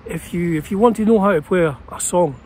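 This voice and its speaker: A Scottish man in his fifties with a slightly raised pitch, rambling casually on a vlog. He talks outdoors in a small city park, with faint traffic noise behind him. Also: fast, darkish tone. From Scotland. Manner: chatty and meandering, with many fillers and restarts. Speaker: guitar channel host.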